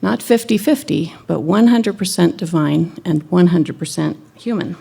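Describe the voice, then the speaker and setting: A woman minister giving a sermon in a conversational, gently wry way. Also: lowish voice, moderate pace, creaky, husky.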